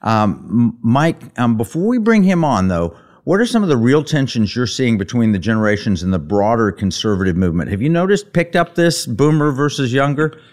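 Radio show host, male, lively and playful, mid-pitched, breezy theatrical patter. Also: brisk, few pauses. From Texas. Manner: lively, playful pirate-themed delivery with laughs.

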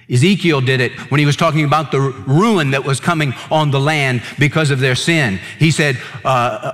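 A man's voice: mid-range voice, moderate pace, fairly bright tone, in a large hall. A man preaching a sermon as pastor, emphatic and repeating words for stress.

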